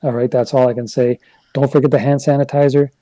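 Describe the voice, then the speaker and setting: A man's voice: mid-range voice, little pitch movement, fast, mellow, no echo, poor audio. A man from Canada hosting a casual livestream, reading viewer chat and rambling into heated rants. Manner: conversational, rambling, gets worked up into rants.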